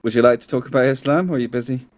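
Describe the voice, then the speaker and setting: A man's voice: mid-range voice, very fast, a little mellow. A man co-hosting a live online discussion, chatting casually with a dry, teasing sense of humor. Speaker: co-host. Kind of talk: casual live-stream chat.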